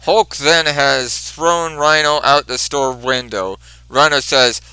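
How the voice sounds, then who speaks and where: A man's voice: a little high, takes it slowly, bright, forceful tone, clean tone, no echo, rough recording. A man reviewing a comic book, retelling the story step by step. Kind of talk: comic book recap narration.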